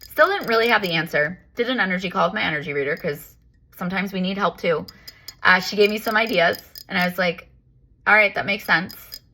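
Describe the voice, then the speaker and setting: Bright-voiced woman giving an animated self-help talk. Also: lowish voice, quick pace. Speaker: spiritual life coach. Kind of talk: casual reflective self-help monologue.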